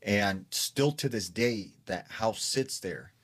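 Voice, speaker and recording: A man's voice: lowish voice, slow, fairly bright tone. A man narrating a true spooky story in a casual, conversational storytime way, leaning on "like" and acting out what people said. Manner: conversational, heavy use of "like", acts out quoted lines.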